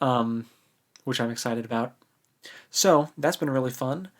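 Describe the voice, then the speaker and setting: Guy cohosting a podcast, casual chat, laid back and excited, cracks jokes, mid-pitched. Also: a little slow. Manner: easygoing and enthusiastic, joking. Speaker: podcast co-host.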